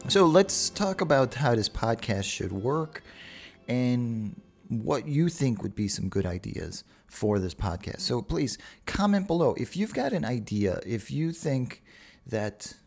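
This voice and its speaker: A man's voice: mid-range voice, very animated, unhurried, gravelly, faint music behind. A man hosting a solo podcast, talking casually and rambling with profane asides. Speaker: podcast host.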